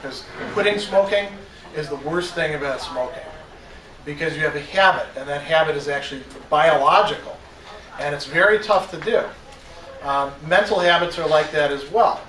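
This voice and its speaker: A man's voice: a little high, normal speed, pushed and bright, slight background noise. Man lecturing in an echoey classroom. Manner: conversational, self-deprecating, lots of "you know". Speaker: philosophy professor. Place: college classroom. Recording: echoey room, mic far off, faint ambience.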